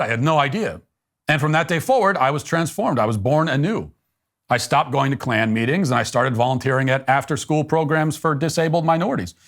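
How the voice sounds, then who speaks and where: A middle-aged man hosting a political talk show, delivering a sarcastic monologue in a deadpan, mock-earnest manner. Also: medium pitch.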